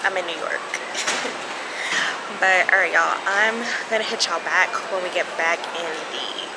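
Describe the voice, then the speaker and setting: A woman's voice: fairly low pitch, a little slow. A young woman, chatting casually to her vlog viewers and calling them y'all. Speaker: travel vlogger. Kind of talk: casual vlog chat to camera. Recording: noisy phone-camera vlog audio.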